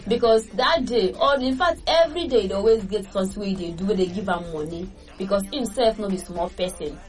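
A woman with a Nigerian Pidgin accent hosting a casual entertainment gossip show, lively and chatty, laughing between points. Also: medium pitch, brisk. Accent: Nigerian Pidgin English. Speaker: entertainment news host. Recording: distant mic with faint music.

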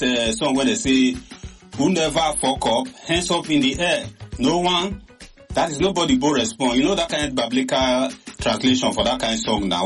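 Chatty Nigerian Pidgin-speaking man. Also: medium pitch. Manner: chatty, exclamatory, with many fillers. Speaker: radio or online show host. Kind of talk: casual commentary in Pidgin.

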